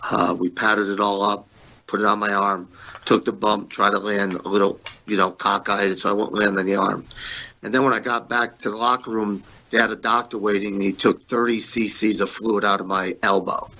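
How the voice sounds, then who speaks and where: A man with a lowish, forceful voice tells candid stories from his past. He is blunt and swears often, and his voice jumps up when he acts out the people he quotes. The audio is dull and lo-fi. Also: normal speed. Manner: blunt, profane, animated when quoting others. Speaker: guest, former pro wrestler. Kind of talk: candid storytelling interview.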